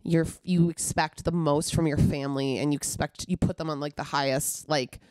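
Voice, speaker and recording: A woman's voice: low-pitched, fairly even intonation, darkish tone, no room sound. A young woman, a comedian guest in a casual podcast chat, blunt and swearing freely. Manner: blunt, swears often, quick asides.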